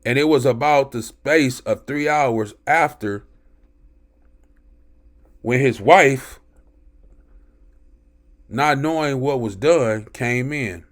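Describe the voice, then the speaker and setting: A man's voice: mid-range voice, slow, long pauses. A man reading scripture aloud and commenting on it in an emphatic teaching style, often checking in with "right?" between verses.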